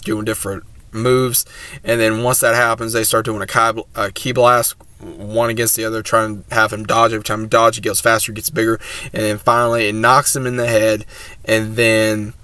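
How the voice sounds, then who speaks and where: A man's voice: fairly low pitch, sharp tone, dry recording. A man reviewing an anime episode, retelling it in a rambling, casual way with many fillers.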